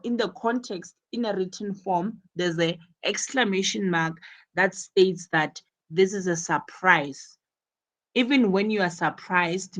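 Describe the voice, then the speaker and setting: A woman teaching an English lesson, slowly spelling out words and acting out example phrases. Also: lowish voice, poor audio. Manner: slow, repeats and spells out words; acts out examples with bursts of energy. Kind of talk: live online English lesson.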